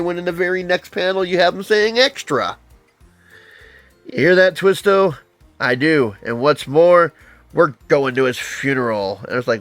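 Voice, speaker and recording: A man's voice: on the high side, unhurried, a bit bright, no echo, soft background music. A man casually reviewing an old comic book, reading panels aloud and adding wry comments.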